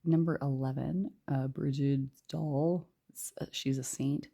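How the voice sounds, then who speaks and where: A woman with a low, gravelly voice gives a tarot reading in a hushed, soft tone, often slipping into a whisper. Her voice is very dark and mellow, and she rambles along with many fillers. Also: steady tone, unhurried. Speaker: tarot reader.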